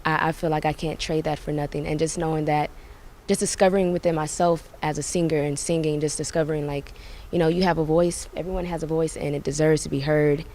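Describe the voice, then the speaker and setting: A young adult woman and singer, talking softly and reflectively about her path in a casual interview, with many fillers. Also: low voice, flat delivery, brisk, a little hiss or hum.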